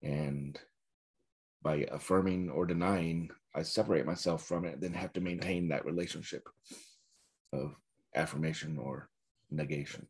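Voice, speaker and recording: Low husky-voiced Zen teacher, reflective. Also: male voice, steady tone, normal speed, pauses often. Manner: reflective and searching, with soft laughs. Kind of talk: dharma talk.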